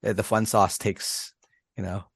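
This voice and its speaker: A man's voice: lowish voice, level tone, unhurried, gravelly, husky, no echo. An American man co-hosting a casual podcast chat, rambling with many restarts and laughs. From United States. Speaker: podcast co-host.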